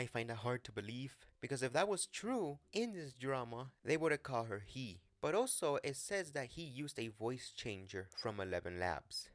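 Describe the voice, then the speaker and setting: A man's voice: medium pitch, a bit bright, dry recording. Guy doing a chill commentary vid, blunt, swears a bit, super dry close mic. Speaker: commentary channel host. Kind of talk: casual commentary vlog.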